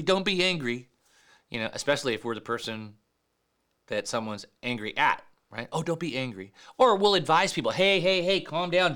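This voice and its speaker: A man preaching a sermon in a conversational, emphatic way, often dropping soft and low to stress a point. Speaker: pastor.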